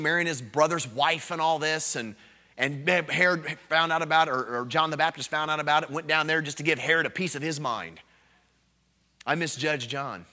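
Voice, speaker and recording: A man preaching a revival sermon as an evangelist, earnest and self-deprecating, dropping to hushed storytelling and rising to loud emphatic bursts. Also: fairly high pitch.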